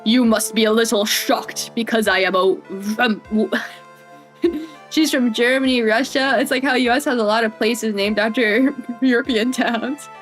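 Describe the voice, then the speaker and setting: A woman's voice: on the high side, steady tone, moderate pace, soft background music. A young woman streaming a video game, chatting casually and giggling at herself. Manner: giggly, chatty, self-mocking. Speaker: VTuber streamer. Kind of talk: casual gaming stream chat.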